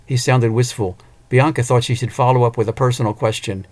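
A man narrating an audiobook, expressive, with an occasional small restart. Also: medium pitch, brisk, hardly any pauses.

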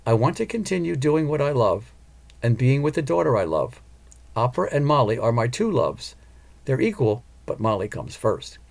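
A man's voice: mid-range voice, sing-song, moderate pace, vocal fry, darkish tone. A man voicing an earnest, determined woman opera singer and mother in an audiobook. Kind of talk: audiobook character voice.

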